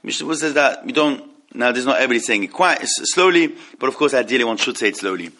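A man's voice: mid-range voice, expressive, racing, bright, forceful tone. A man teaching an evening class on law, who chants Hebrew text and explains it in with hesitant restarts.

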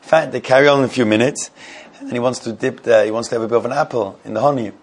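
A man giving an informal Torah class, telling stories in a halting, conversational way and laughing now and then. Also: mid-range voice, steady tone.

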